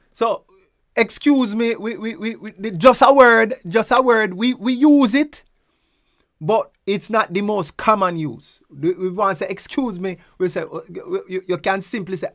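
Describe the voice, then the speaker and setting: A woman's voice: mid-range voice, animated, normal speed, dry recording, clean studio sound. A woman with a Jamaican accent explaining everyday phrases in a casual, playful way, repeating words rhythmically to show how they sound. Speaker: presenter teaching local phrases.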